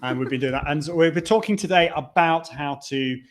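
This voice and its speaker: A man's voice: a little high, a little fast. A man hosting a live stream, chatting casually with a guest and reading out viewer comments. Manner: chatty, restarts, reads out comments. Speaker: host.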